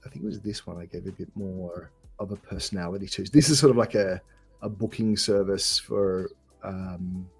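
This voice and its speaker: A man's voice: low-pitched, moderate pace, creaky, slightly rough, faint music behind. A man with an Australian accent, a guest on a developer show. He chats casually and hesitantly, with many fillers. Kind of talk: casual tech chat.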